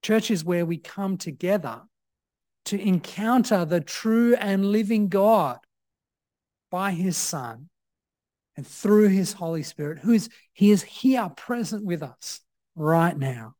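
A man preaching a sermon as pastor, measured and reflective, with frequent "uh" fillers. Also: sits high, lively intonation, mellow, no room sound, clean studio sound.

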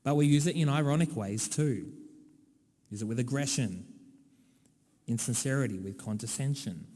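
A man's voice: medium pitch, moderate pace, dark tone. An Australian man preaching a sermon in a conversational, wry way, with dry asides. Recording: long hall reverb.

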